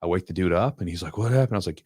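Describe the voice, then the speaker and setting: A man hosting a podcast, telling coaching stories in a casual, animated way. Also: deep voice, slightly rough, no room sound, studio quality. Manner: animated storyteller, quick, acts out quotes. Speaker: podcast host, jiu-jitsu coach. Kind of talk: casual storytelling chat.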